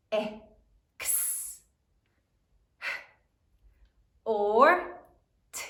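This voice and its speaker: A woman teacher leading a spelling lesson, slowly sounding out words letter by letter for young pupils. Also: on the high side, pushed and bright. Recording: echoey room, mic at a distance.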